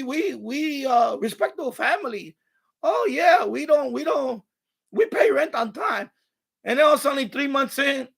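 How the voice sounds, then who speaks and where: A man's voice: very high-pitched, vocal fry, a bit bright. A middle-aged man, ranting bluntly and profanely as he tells a story on his livestream. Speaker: livestream host. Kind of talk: casual ranting monologue.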